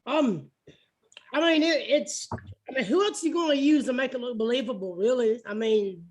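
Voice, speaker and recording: A man's voice: very high-pitched, normal speed. A man from Alabama, chatting casually on a podcast, rambling with lots of "I mean". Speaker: podcast co-host. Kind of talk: casual chat.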